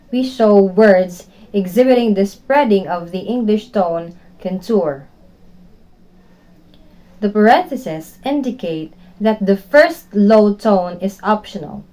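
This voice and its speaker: A young woman, a student reporter, slowly and carefully reading a prepared class report aloud. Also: medium pitch, warm tone, poor audio.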